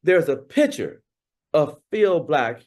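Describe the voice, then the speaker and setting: A man voicing a calm, amused female coworker in a low, quiet, unhurried voice. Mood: matter-of-fact.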